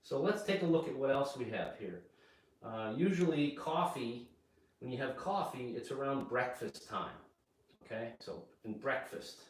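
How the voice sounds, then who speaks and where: A man teaching English at home, speaking slowly and plainly and checking in with "okay?" after nearly every phrase. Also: medium pitch, animated. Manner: slow and repetitive, checks in with "okay?". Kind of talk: slow spoken English lesson. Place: home kitchen. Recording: echoey room, mic far off.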